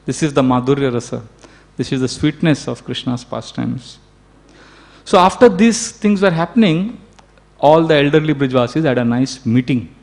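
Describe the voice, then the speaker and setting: A man, a preacher telling a devotional story in an animated way. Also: mid-range voice, moderate pace, vocal fry.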